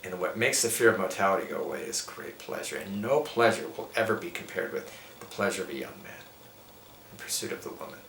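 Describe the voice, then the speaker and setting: A middle-aged man talks in an emphatic, preaching way as a yoga teacher being interviewed, building his ideas point by point. His voice is fairly low but bright and forceful. The room rings with echo, and a faint hiss sits under the recording. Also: lively intonation, fast talker, vocal fry. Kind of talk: spiritual interview talk. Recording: echoey room with faint background noise.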